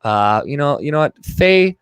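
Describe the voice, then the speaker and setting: A man's voice: on the high side, expressive, a little slow, fairly bright tone, smooth, no room sound. Young guy ranting and swearing on his livestream, reads the chat out, dry close sound. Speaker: livestream host. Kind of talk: casual live-stream commentary.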